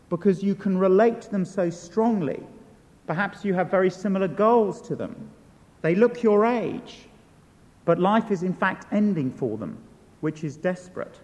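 A man preaching a sermon in a large church, measured and deliberate, repeating key words for emphasis. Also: a little high. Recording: long church reverb.

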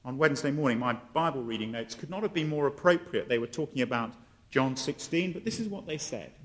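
A man's voice: medium pitch, expressive, brisk, a bit bright. A man preaching a sermon and telling the story with animation, acting out the voices he quotes. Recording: long hall reverb.

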